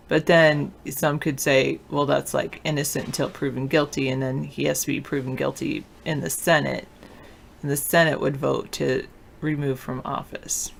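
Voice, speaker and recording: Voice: medium pitch, level tone, a little slow, creaky, fairly bright tone, a little hiss or hum. A teacher hosting a political talk show, chatting in a loose, offhand and sleepy way while answering viewer comments. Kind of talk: casual chat, reading and answering viewer comments.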